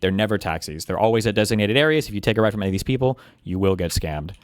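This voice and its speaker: A man reacting on a live stream, ranting in profane, animated asides. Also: lowish voice, racing, smooth, no echo. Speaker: streamer reacting to a podcast clip.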